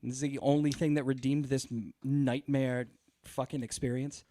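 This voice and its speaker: A man's voice: mid-range voice, level tone, moderate pace, dark tone. A man hosting a podcast, telling a long, exasperated story in a casual, profane way full of fillers. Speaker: podcast host.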